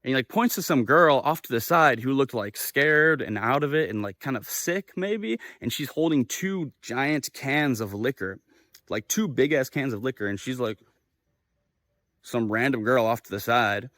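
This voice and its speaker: A young man telling a story in a casual vlog, animated and swearing freely as he acts out the quoted voices. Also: medium pitch, a little slow, dry recording. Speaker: vlogger. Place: living in Japan.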